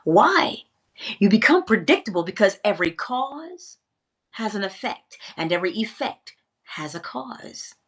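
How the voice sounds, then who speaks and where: A woman teaching a spiritual lesson in a theatrical way, pausing often and dropping to a whisper for emphasis. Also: medium pitch, very animated, a bit bright, breathy edge.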